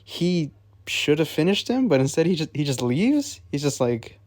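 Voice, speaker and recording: A man's voice: fairly high pitch, very animated, normal speed, a little mellow, dry recording, studio quality. A man co-hosting a casual, rambling movie review, full of fillers and frequent laughter. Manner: rambling, lots of 'like', laughs often. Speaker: film reviewer, co-host.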